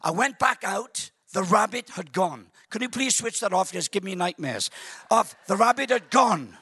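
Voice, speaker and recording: A man preaching a sermon in a church service, telling a funny story in an animated, joking way with stammering restarts. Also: high voice, moderate pace, husky, no echo.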